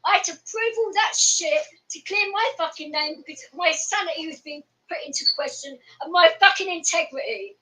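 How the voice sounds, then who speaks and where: Brief: high-pitched woman, furious and profane live host. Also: animated, normal speed, hardly any pauses, pushed and bright, low-quality recording. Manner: angry, heavy swearing. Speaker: livestream host. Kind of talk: livestream rant.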